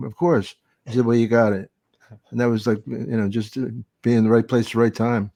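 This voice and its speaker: A man's voice: mid-range voice, fairly even intonation, fast, warm tone, dry recording. Salty storytelling man, dry mic. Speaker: podcast host. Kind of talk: casual comedy storytelling.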